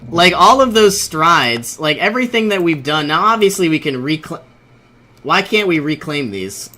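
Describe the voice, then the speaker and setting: A man's voice: on the high side, very animated, moderate pace, bright, forceful tone. A young man giving casual commentary over his own strategy game, thinking aloud, often exasperated and laughing. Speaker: let's play host.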